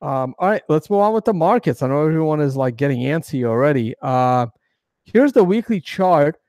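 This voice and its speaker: Man, casual chart commentary, filler-heavy rambling, slightly high voice, dry sound. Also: lively intonation, moderate pace, darkish tone, no echo. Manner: rambling, many fillers and restarts. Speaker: crypto trading video host.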